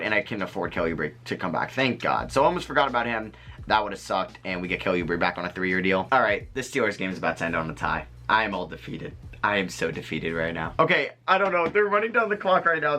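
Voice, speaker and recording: A man with a lowish voice rattles off casual gameplay commentary at a quick clip. He rambles, thinks out loud and gets excited easily, talking straight to his viewers. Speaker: gaming video creator.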